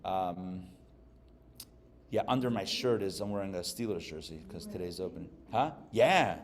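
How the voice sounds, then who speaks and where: A man from Pittsburgh, a rabbi giving a live class, who tells stories and jokes in an animated way. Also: low-pitched, moderate pace. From Pittsburgh, USA. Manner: animated, joking storyteller. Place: live class before an audience.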